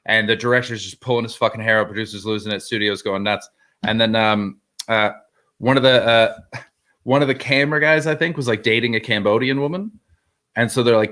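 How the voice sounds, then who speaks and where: A man's voice: on the low side, a little fast, fairly bright tone. A man in casual chat telling a profane anecdote and acting out the quoted lines. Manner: swearing anecdote teller, quotes voices. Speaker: podcast co-host.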